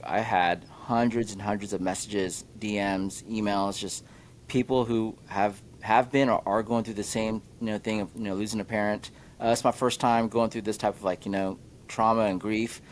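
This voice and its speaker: Casual Midwestern man with a low voice. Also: fairly even intonation, slight background noise. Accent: American Midwest. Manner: halting, with many fillers like "you know" and "like". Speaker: podcast host. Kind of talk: casual podcast chat.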